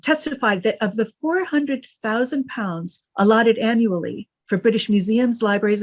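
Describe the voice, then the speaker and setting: A woman giving an academic lecture in a dry, close recording. She reads quoted passages with lively emphasis and drops wry asides between them. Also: mid-range voice, no room sound. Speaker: guest lecturer.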